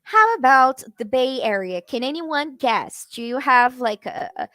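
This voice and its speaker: A woman teaches English on a live stream in a fairly high voice, taking her time over each phrase. She chats with her viewers and greets them as she reads their comments. Her voice sits close and dry, with no room echo around it. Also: lively intonation, a little slow, fairly bright tone. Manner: chatty, addresses viewers in the comments. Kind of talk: live-streamed language lesson.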